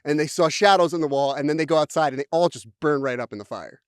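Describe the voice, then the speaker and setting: A man's voice: fairly high pitch, fast talker, smooth, dry recording, clean studio sound. A man co-hosting a podcast in casual comedic chat. He riffs freely and swears a lot. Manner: riffing, jokey, swearing freely. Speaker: podcast co-host.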